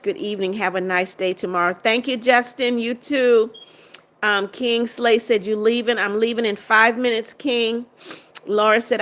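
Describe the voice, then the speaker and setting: A middle-aged American woman chats her way through a live stream, reading viewer comments aloud and answering them one by one. Her voice is bright and clear, with an easygoing, talkative flow. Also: mid-range voice. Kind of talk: casual live-stream chat.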